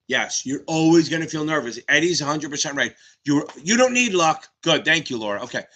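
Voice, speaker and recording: A man in his fifties hosting a live exam Q&A stream, talking fast, cursing and rambling. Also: on the high side, expressive, bright, forceful tone. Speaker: exam tutor, stream host.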